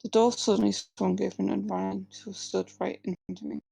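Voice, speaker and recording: A woman's voice: mid-range voice, level tone, normal speed, creaky, warm tone, dry recording, low-quality recording. A woman reading her own first-person fiction aloud at a live reading, with small slips and restarts. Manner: plain reading with slips and restarts, few distinct character voices.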